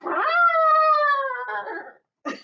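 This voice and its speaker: A young woman librarian reading a picture book aloud for a children's storytime in a lively sing-song way, often laughing. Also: very high-pitched, extremely slow, vocal fry. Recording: distant dull mic in a room.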